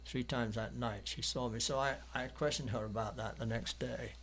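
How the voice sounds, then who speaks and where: With a steady, fairly bright mid-range voice at a moderate pace, an English artist from London tells stories during an interview, rambling and hesitating with many ums and restarts. A little hiss or hum sits in the recording.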